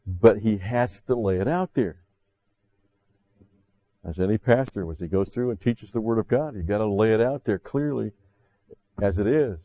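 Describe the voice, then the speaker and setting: A man's voice: fairly low pitch, normal speed, long pauses, no echo, narrow, tinny audio. A man preaching a sermon as pastor, talking conversationally with frequent "see" asides and rising emphatically when he quotes scripture.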